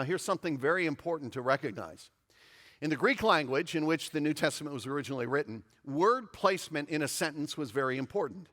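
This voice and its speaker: A man's voice: a little high, fairly bright tone, in a large hall. A pastor in his fifties preaching a sermon in a church, emphatic and repeating phrases for stress. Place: church sanctuary.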